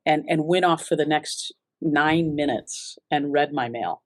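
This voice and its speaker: A woman's voice: sits low, unhurried, no room sound. A woman giving an earnest, reflective personal testimony in an interview, often restarting her sentences. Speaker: interview guest.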